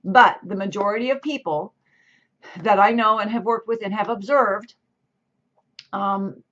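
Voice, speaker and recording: Middle-aged woman, real estate host type, chatty and rambling with asides, mid-pitched voice, slightly muffled lo-fi audio. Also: a bit bright. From California. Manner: chatty, self-interrupting, lots of asides. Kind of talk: casual talking-to-camera intro.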